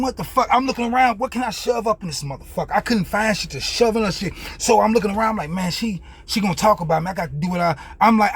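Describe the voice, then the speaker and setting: A man's voice: high-pitched, a bit bright, husky. A young man telling a casual, profane story in loose street slang as a vlogger.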